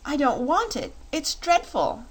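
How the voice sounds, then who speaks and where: Earnest storybook farm girl, plain-spoken, higher voice, played by a woman. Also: animated, moderate pace, close to an everyday voice. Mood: upset. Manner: plain, sincere.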